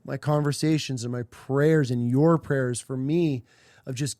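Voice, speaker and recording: A man in his thirties hosts a podcast, telling a personal story in a rambling, emotional, candid way and swearing often. His voice is a little high and warm, animated yet a little slow, recorded at studio quality with no echo.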